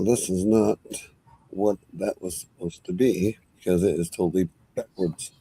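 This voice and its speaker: A man's voice: deep voice, steady tone, measured pace, dark tone, husky, no room sound. A man hosting a live stream in casual chat, sounding flustered while he struggles with screen sharing.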